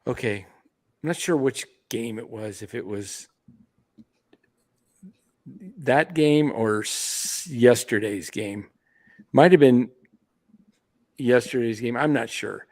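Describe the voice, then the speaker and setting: A man's voice: medium pitch, slow pace, a little mellow. A man co-hosting a casual sports talk show, rambling and hesitant as he tells a story. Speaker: podcast co-host.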